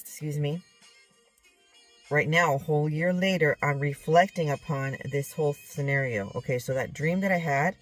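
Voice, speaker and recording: Rambling woman teacher recounting a dream. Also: sits low. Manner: rambling, checks in with "okay?", self-correcting. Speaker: Bible teacher. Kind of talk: retelling a dream with scripture teaching.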